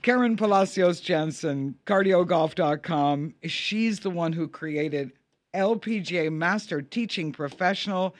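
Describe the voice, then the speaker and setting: A woman's voice: lowish voice, a little slow. A woman hosting a radio golf show, reacting to her guest with enthusiasm in casual conversation.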